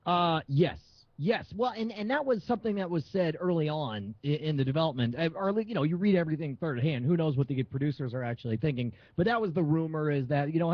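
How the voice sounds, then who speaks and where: A male magician talks with lively, swinging emphasis, pressing his points home. His voice sits a bit high, and the sound is dry and dull, like a lo-fi stream. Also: a little fast, hardly any pauses, no echo. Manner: animated storytelling, emphatic. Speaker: magician guest. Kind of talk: casual live-stream chat.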